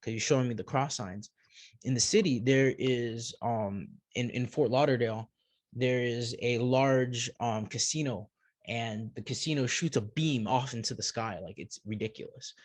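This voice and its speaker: Halting man telling a personal story. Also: medium pitch, no room sound. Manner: halting, repeats words while searching for them. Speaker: podcast guest.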